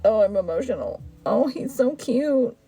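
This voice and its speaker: A woman chatting casually on a livestream as she sorts her buttons, excitable and talking to them as she goes. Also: on the high side, moderate pace, husky, faint music behind. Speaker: button seller sorting her finds on a livestream. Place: indoor room.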